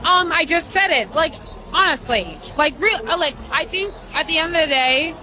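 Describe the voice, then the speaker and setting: A woman's voice: high-pitched, animated, normal speed, bright, forceful tone, faint music behind. A woman answering a street interview outdoors, rambling hesitantly with many fillers.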